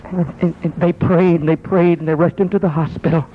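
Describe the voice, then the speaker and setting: A man's voice: fairly even intonation, a little fast, few pauses. Impassioned preacher man, lo-fi recording. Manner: impassioned preaching, builds from low storytelling to shouting and crying. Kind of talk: sermon. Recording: dull lo-fi recording.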